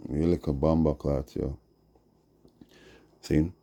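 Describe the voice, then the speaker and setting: Very deep-voiced Jamaican man preaching. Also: steady tone, vocal fry, mellow. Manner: slow, preachy, repeats "see?" and "yeah?". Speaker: Rastafari livestreamer. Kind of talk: rambling livestream preaching.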